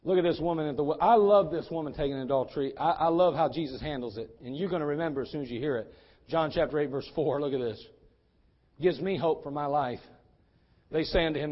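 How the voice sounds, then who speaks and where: A male pastor preaching a sermon, fiery, swinging from quiet talk to shouting. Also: fairly high pitch, fast, highs cut off.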